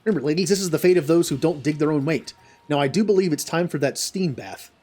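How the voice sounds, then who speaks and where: A man voicing a cruel, bullying male kobold overseer in a plain, sneering reading with a husky tone. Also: a little high, fast talker, mellow, soft background music, lightly acted. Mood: scornful.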